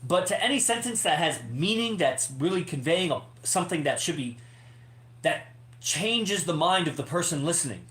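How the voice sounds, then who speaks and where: A man's voice: a little high, animated, normal speed, fairly bright tone. Emphatic man rambling in an echoey room. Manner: emphatic, rambling, swears freely. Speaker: podcast host. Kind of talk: casual monologue to members.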